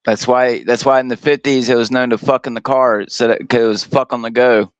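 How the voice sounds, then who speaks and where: A man in casual podcast chat, tossing in wisecracks and quick agreement. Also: mid-range voice, fairly even intonation, dry recording, lo-fi sound.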